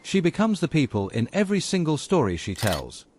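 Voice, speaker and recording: A man's voice: fairly high pitch, huge pitch swings, brisk, a little mellow, slight background noise. A man reading a scripted voice-over that introduces clips in a teasing promo delivery. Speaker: compilation narrator.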